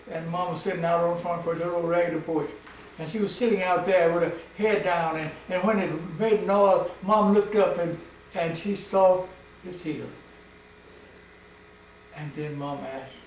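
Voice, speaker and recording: Fervent old storyteller, gravelly. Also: male voice, fairly high pitch, slight background noise. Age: older. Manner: fervent, preacher-like. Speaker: museum tour guide. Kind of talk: oral storytelling. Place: old house museum, indoors. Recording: echoey room, from a distance.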